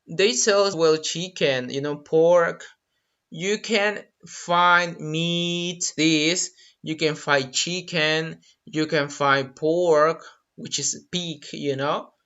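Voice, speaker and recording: An English teacher with Spanish as a first language, leading a live online lesson, drilling vocabulary slowly and repeating phrases with Spanish translations mixed in. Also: mid-range voice, pushed and bright. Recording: dull lo-fi webinar audio.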